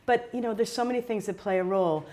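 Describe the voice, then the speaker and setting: A woman's voice: medium pitch, fast talker, warm tone. A middle-aged American woman, a teacher, answering interview questions in a chatty way with many fillers. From United States.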